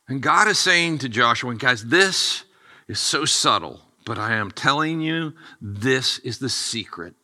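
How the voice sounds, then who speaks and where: A middle-aged man preaching a sermon in a very bright, forceful voice. He is animated, swinging from hushed intensity to excited bursts as he acts out the dialogue. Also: medium pitch, unhurried. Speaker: pastor.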